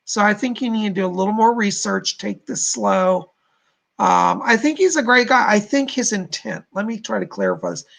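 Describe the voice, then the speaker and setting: A man hosting a livestream, giving gentle, halting psychic readings and relaying messages from spirits. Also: sits high, sing-song, vocal fry. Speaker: psychic reader and host.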